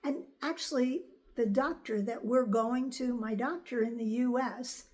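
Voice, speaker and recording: With a fairly high, unhurried voice, this older woman from the US chats openly with her viewers, sharing a personal story as a vlogger. Her delivery is conversational, livening up when she repeats what others said.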